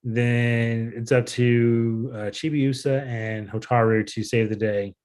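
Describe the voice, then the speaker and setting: Male co-host for a casual podcast, easygoing recap delivery, average pitch. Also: takes it slowly. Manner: relaxed recapping, with fillers like "uh" and "um". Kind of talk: casual chat.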